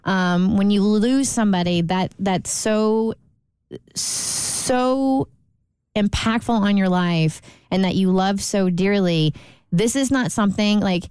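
A woman podcast host who talks in a gentle, consoling way and speeds up in bursts. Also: mid-range voice, slow, smooth, no room sound, studio quality. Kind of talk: casual podcast conversation.

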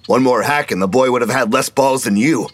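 A man voicing a crude, loudmouthed older ex-Marine grandfather who mocks and insults everyone. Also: medium pitch, fairly quick, no echo, pitched above the performer's own voice, lightly acted. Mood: brash mocking. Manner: brash, mocking, insulting.

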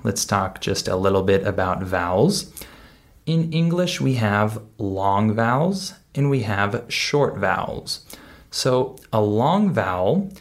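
A man teaching English pronunciation on a podcast, speaking deliberately and repeating example words and sentences. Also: on the low side. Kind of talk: podcast lesson.

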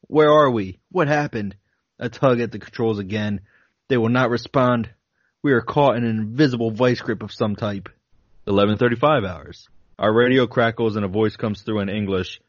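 A man co-hosting a podcast reads a flight log aloud with dramatic emphasis in a lowish voice, chuckling between passages. The audio is dull but has no echo.

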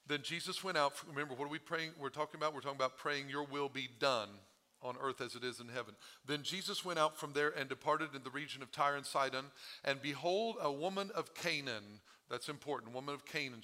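A man's voice: medium pitch, bright, forceful tone. A male pastor preaching a sermon, his voice strained from overuse, talking with the congregation and asking them questions. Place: church sanctuary.

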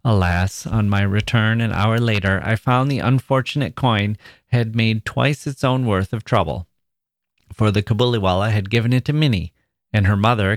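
A man, a podcast host, reading a classic short story aloud in a measured storytelling manner. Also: on the low side, dry recording, clean studio sound. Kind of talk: literary reading.

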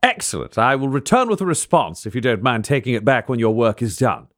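A man's voice: mid-range voice, big pitch swings, fairly quick, voice pushed up, close to an everyday voice. A man voicing a pompous, overly polite male steward in a tabletop game. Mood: courtly.

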